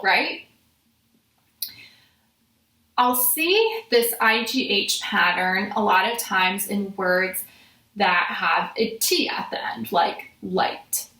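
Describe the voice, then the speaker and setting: A woman teaching a phonics lesson to children, sounding out letters slowly and clearly. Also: mid-range voice, sharp tone. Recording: echoey room.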